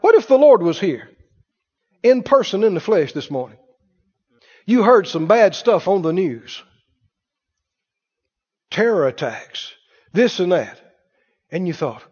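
A man's voice: high-pitched, big pitch swings, a little slow, pauses often, a little mellow, slightly rough, in a large hall, muffled recording. A man preaching a sermon, emphatic and repetitive, often mimicking other people's voices. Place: church.

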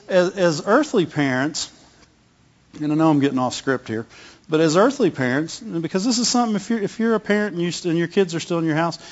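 A middle-aged man preaches a sermon in a loose, chatty way, often checking in with the congregation. His voice sits a little high for a man. The sound is dull and lo-fi, with a long reverb from a large church hall. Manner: conversational, repeats words, asks the congregation "Amen?". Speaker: pastor.

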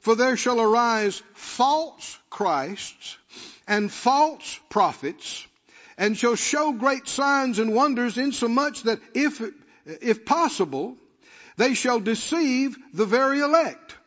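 Male preacher, high and fervent, muffled recording with long church echo. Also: lively intonation, takes it slowly. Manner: calls out to the congregation, rising to shouts. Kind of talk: sermon.

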